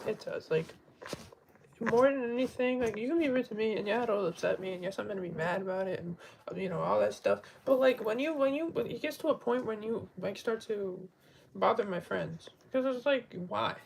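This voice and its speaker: A man's voice: high-pitched, a little fast, creaky, slight background noise, rough recording. A man on a casual livestream, rambling with many fillers and restarts, upset and pleading.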